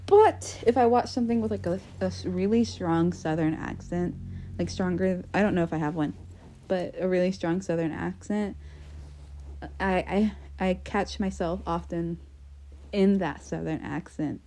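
A young woman with an American accent talks casually through her solo podcast. Her voice is warm and mellow and sits on the lower side. She rambles in a self-deprecating way and trips over her words with plenty of fillers and restarts. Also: normal speed. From United States. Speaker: podcast host.

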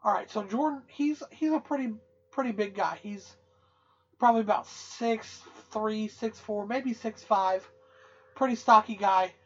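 A woman with a husky, slightly breathy voice tells a rowdy story in loose, profane, animated casual chat as a podcast co-host. The audio comes across dull and muffled. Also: mid-range voice, unhurried.

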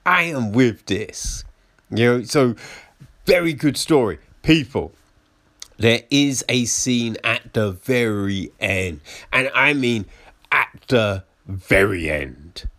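A man's voice: medium pitch, animated, slow pace, fairly bright tone, no echo. A man giving a casual film review in a chatty way, laughing often and asking "right?" after his points.

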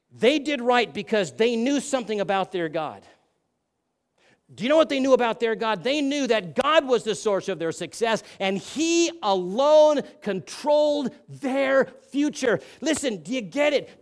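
A man preaching a sermon, firing rhetorical questions and swinging between hushed and loud delivery. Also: very high voice.

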